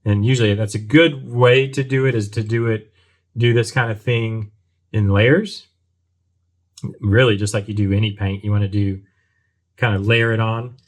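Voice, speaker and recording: A man's voice: fairly low pitch, fairly even intonation, moderate pace, pauses often. A man casually talking through a model kit build at his workbench, thinking aloud with frequent ums and restarts. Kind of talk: casual build tutorial talk. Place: workbench at home.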